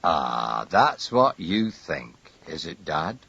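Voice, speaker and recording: A man voicing a big, genial country police officer who talks in a slow, amused drawl. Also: medium pitch, big pitch swings, fairly bright tone, husky, lo-fi sound, exaggerated voice.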